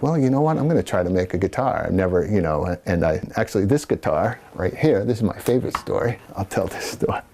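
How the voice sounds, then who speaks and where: A man's voice: low-pitched, darkish tone. A middle-aged man, a musician, telling rambling anecdotes in a casual interview, with small laughs and restarts.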